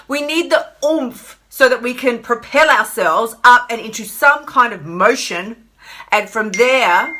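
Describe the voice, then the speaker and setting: A woman's voice: fairly high pitch, pushed and bright. An Australian woman coaching on emotional eating during a Facebook live stream, bubbly and effusive, laughing often.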